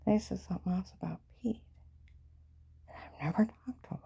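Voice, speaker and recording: A woman's voice: mid-range voice, steady tone, brisk, creaky, warm tone, husky, highs cut off. A woman telling a rambling, agitated personal story, often dropping into a half whisper.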